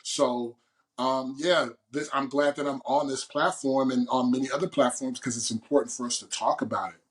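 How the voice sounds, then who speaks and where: A man from Oakland speaking as a guest in an interview. He tells his story with boisterous, animated energy at a mid-range pitch. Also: normal speed. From Oakland, California. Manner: animated, storytelling, boisterous and loud when excited. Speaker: guest poet. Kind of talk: interview conversation.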